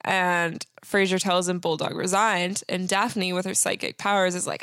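A woman's voice: fairly low pitch, level tone, normal speed, a bit bright, clean tone, dry recording, clean studio sound. A young woman co-hosting a podcast, casually recapping a sitcom episode and laughing often as she retells scenes. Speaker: podcast co-host.

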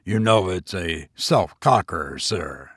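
A man voicing an anxious, polite elderly gamekeeper who speaks slowly and lower than the narration. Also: lively intonation, a bit bright, slightly rough, no echo, studio quality, heavily acted. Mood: deferential. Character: deferential old male gamekeeper.

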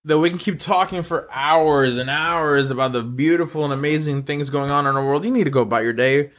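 A man's voice: on the high side, fairly quick, fairly bright tone. A man hosting an upbeat good-news podcast, talking in an earnest, encouraging and affectionate way to his listeners. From North Carolina. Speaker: podcast host.

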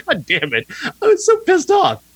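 A man co-hosting a casual film review podcast, talking in an animated, profane, mocking way and laughing often. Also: very high voice, dry recording. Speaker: podcast co-host.

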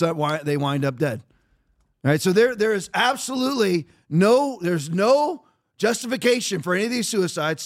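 A middle-aged man hosting a podcast, delivering emphatic, repetitive, sarcastic political commentary. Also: high-pitched. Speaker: podcast host.

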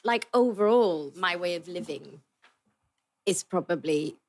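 A woman from Sweden who speaks well-spoken English with a slight Swedish twang and Swedish as her first language, chatting as a podcast guest, easygoing and quick to laugh. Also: lowish voice, lively intonation. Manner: warm, quick to laugh, agreeable. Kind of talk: casual chat.

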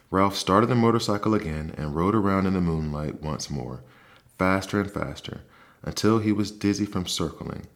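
A man calmly reading a bedtime story aloud as the host of a sleep podcast. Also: deep voice, moderate pace.

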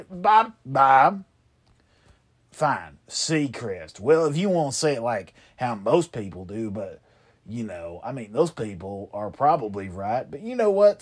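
A man with a medium-pitched voice hosts a comedy show, rambling and trading deadpan, profane insults in a one-sided phone call.

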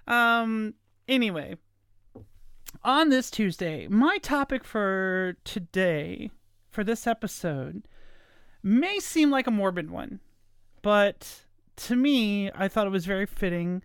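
A woman's voice: medium pitch, expressive, takes it slowly, clean tone, dry recording, clean studio sound. A woman hosting her own podcast, talking in a chatty, meandering, friendly way in a casual solo monologue. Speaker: podcast host. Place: at home late at night.

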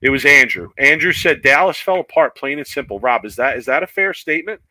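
Excitable man with a bright voice. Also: mid-range voice, brisk, no room sound, rough recording. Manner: excitable, laughs often, says "yo" a lot. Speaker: co-host of a bowling talk show. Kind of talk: casual sports chat.

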